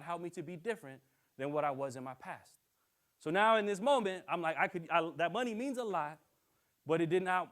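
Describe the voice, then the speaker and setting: A young male minister preaching at a quick clip, his voice sitting high for a man. He tells his story with animation, acts out the other voices and keeps checking in with the room. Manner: animated storytelling, acting out quoted voices, frequent "right?". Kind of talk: sermon with personal story.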